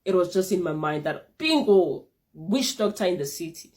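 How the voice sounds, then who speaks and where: A young woman vlogger telling a casual storytime tale, animated and repeating phrases for emphasis. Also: on the low side, normal speed.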